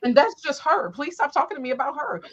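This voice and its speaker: A woman host telling family stories in a casual, profane, animated way, jumping up high when she acts out quotes. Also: quick pace, muffled recording. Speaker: podcast host. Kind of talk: casual storytelling chat.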